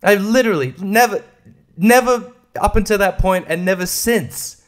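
A man's voice: high-pitched, moderate pace. A young man hosting a podcast, rambling in casual chat, swearing a lot and laughing often. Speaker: podcast host.

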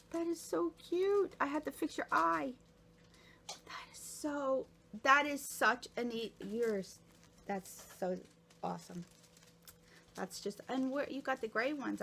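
A woman vlogging at home, gushing with excited exclamations as she unboxes a package on camera. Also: fairly high pitch, vocal fry, slight background noise, low-quality recording. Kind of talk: casual unboxing vlog.

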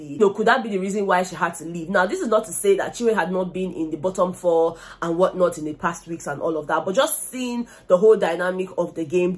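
A young woman with a Nigerian accent giving gossipy, animated commentary on a reality show, slipping into Pidgin. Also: fairly low pitch. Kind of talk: casual vlog commentary.

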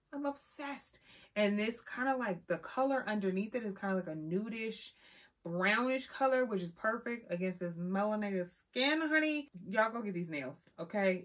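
Sassy woman doing a nail haul review, mid pitch, keeps saying honey. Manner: sassy, animated, says "honey" and "child" a lot. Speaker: beauty vlogger. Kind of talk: casual product review.

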